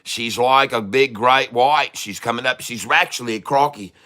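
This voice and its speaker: A man voicing a brash, excitable old Australian wildlife expert with a put-on Australian accent, rambling and laughing often. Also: mid-range voice, moderate pace, clear, resonant tone, close to an everyday voice. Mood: boisterous. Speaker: day-trading streamer.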